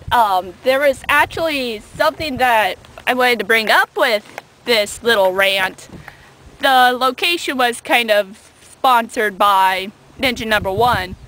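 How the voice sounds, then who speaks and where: A young woman with a high, light voice takes her time over a loose, chatty rant. She talks outdoors from a small boat on a lake, held close to a handheld camera, with a faint hiss of noise behind her. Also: a bit bright, rough recording. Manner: rambling, chatty. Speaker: vlogger. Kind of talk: casual video rant.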